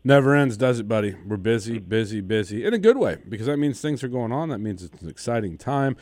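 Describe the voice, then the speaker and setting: A male radio host keeps the chat playful and jokey, his pitch swinging up and down with animation. The sound is dry and close. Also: animated, fast, darkish tone, no echo. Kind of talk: radio interview.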